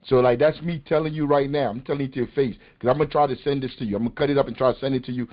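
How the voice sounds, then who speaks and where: A man's voice: mid-range voice, fairly even intonation, very fast. Fired-up man hosting a lo-fi call-in show. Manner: impassioned, emphatic, street-casual. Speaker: podcast host. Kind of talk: passionate political talk. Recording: muffled lo-fi call audio.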